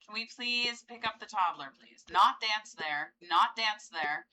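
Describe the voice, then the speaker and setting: A woman's voice: medium pitch, animated, measured pace, pushed and bright, soft background music, rough recording. A woman giving casual gameplay commentary, chatty and coaxing as she pleads with her game characters. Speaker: gameplay video host.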